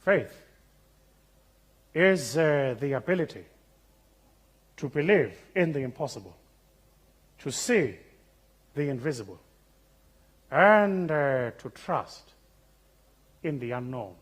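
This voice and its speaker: A South African man quoting a wise, gentle elderly statesman in a slow, deliberate, fatherly way during a keynote speech. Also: fairly high pitch, expressive.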